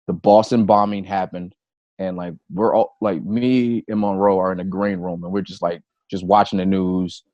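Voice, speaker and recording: Male comedian guest, deep-ish, dry close mic, relaxed profane storyteller. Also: no room sound, lo-fi sound. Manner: loose, profane anecdote telling. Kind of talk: casual podcast storytelling.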